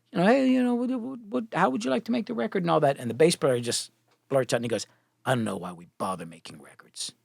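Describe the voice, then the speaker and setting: A middle-aged man, a music producer, tells stories as a guest on a podcast, talking quickly and acting out the voices of the people he quotes. His voice sits a little high for a man and swings widely in pitch. The recording is close and dry. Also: no echo. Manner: animated, profane, acts out quoted voices. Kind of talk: casual storytelling.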